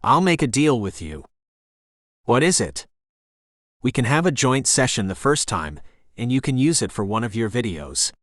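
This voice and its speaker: A caring, patient man, as a male narrator reads him offers gentle reassurance. His voice sits mid-range, and the recording is dry and close. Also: medium pitch, big pitch swings, normal speed, long pauses, no echo. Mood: reassuring.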